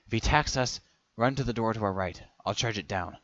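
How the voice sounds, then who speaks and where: A steady young fighter, read by a man, giving brisk instructions under his breath. His low voice comes through a dull, muffled mic with a dry sound. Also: close to an everyday voice. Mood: urgent.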